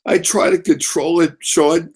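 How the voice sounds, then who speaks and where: A man's voice: a little high, steady tone, unhurried, a little mellow, breathy edge. A man co-hosting a casual live chat stream, goofing around and breathless from laughing. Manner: breathless laughter, goofy outbursts. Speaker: livestream co-host.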